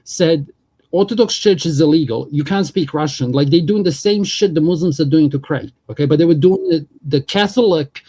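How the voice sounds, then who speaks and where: A man's voice: on the high side, normal speed, warm tone, husky. A man hosting a livestream, talking politics in a casual, profane, rambling way.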